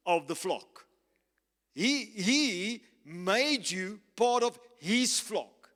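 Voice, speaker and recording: A male pastor preaching a sermon, slow and emphatic, repeating key phrases. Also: sits high, bright, forceful tone. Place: church. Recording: reverberant church hall with faint music.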